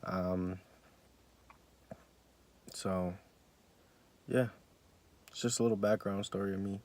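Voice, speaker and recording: A man's voice: sits low, fairly even intonation, slow, darkish tone. A young man vlogging about his life, telling a heartfelt personal story with many fillers and restarts.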